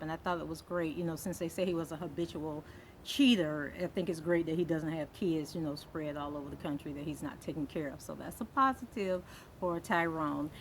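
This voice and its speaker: A woman's voice: on the low side, a little hiss or hum, low-quality recording. A woman giving a casual spoken recap of a TV show, talking conversationally with frequent fillers and reading quotes aloud.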